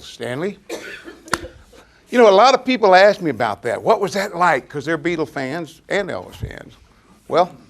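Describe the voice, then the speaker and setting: Gravelly older man telling a story. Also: medium pitch. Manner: folksy, chatty, chuckling often. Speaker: storyteller speaking to an audience. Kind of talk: anecdotal storytelling to a live audience.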